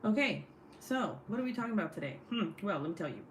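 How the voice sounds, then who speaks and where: A woman's voice: medium pitch, big pitch swings, fast talker. A young woman hosts a loose, chatty true crime livestream from her home desk. She swears freely and reads viewer comments aloud in an offhand way. A faint hiss sits under her voice. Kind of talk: casual livestream chat. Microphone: desk setup, phone or webcam.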